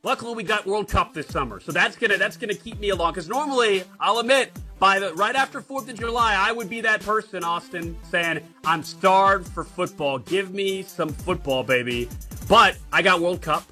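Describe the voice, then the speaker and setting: Bright-voiced man bantering on a podcast. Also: high voice, brisk, few pauses, soft background music. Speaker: podcast co-host. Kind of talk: casual sports chat.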